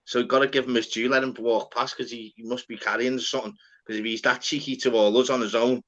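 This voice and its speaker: A man with a Scouse accent chatting casually, animated and sweary, acting out quoted voices. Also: mid-range voice, fast talker. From Liverpool, England. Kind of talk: casual banter podcast chat. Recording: dull lo-fi audio.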